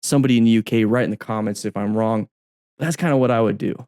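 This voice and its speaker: A man's voice: on the low side, fast, noisy background. A man who teaches motorcycle riding, commenting over road videos in a chatty way and repeating phrases for emphasis.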